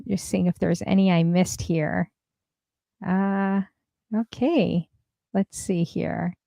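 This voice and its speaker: A woman's voice: fairly low pitch, fairly even intonation, takes it slowly, vocal fry, warm tone, no room sound, studio quality. A woman hosting a casual livestream, chatting and reading viewer messages aloud with lots of fillers. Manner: chatty, many fillers, reads comments aloud. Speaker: stream host.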